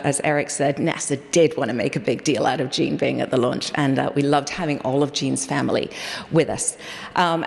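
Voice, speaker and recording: Woman w a low voice telling warm stories at a memorial, long hall reverb. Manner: animated storytelling with quoted dialogue. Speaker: project scientist sharing memories. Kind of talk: memorial tribute speech.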